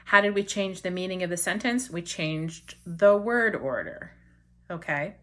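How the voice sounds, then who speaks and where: A woman with a slightly low voice teaches a beginner grammar lesson. She explains patiently, step by step, drawing out the key terms and pausing to check in with her students. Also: animated, fairly bright tone. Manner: slows down to stress key words. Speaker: Latin teacher.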